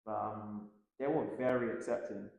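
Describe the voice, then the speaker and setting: A man in his thirties, a tennis coach chatting easily as an interview guest, with lots of fillers and quick laughs. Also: fairly low pitch, vocal fry, very echoey. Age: 30s. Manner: relaxed, filler-heavy, laughs often. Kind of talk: casual interview chat.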